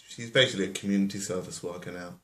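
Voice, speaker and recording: Bloke rambling thru a comic bedtime story, lowish voice, echoey room. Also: male voice, fairly even intonation, rapid-fire, pushed and bright. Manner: rambling, with offhand comic asides. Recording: roomy echo.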